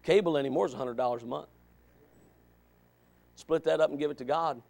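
A man preaching a sermon as associate pastor, folksy and joking, swinging from quiet asides to loud shouted exhortation. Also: a little high, brisk, vocal fry. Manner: folksy, joking, with sudden dramatic emphasis.

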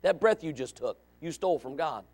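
High-voiced preacher, shouting then soft. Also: male voice, lively intonation, brisk. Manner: swings from quiet asides to loud shouted exhortation; folksy, joking, with sudden dramatic emphasis. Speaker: associate pastor. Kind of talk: sermon.

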